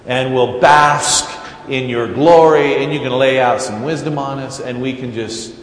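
A man's voice: medium pitch, steady tone, unhurried, reverberant, in a large hall, lightly acted. A man voicing a starstruck male disciple who chatters eagerly and effusively. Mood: gushing.

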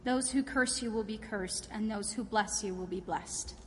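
A woman reading scripture aloud, voicing Isaac, an old blind father, in a solemn, measured way. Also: medium pitch, fairly bright tone, a little hiss or hum, natural voice. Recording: reverberant church hall.

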